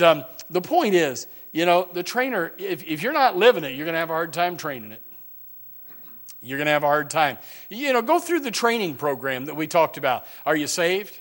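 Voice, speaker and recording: A man's voice: high-pitched, a bit bright. A man preaching a sermon, telling rambling folksy stories with many restarts.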